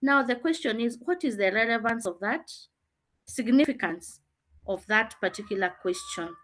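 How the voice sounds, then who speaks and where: A woman's voice: on the high side, lively intonation, moderate pace, a bit bright. Woman teacher running an online class, explains rules and quizzes students. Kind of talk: online revision lesson.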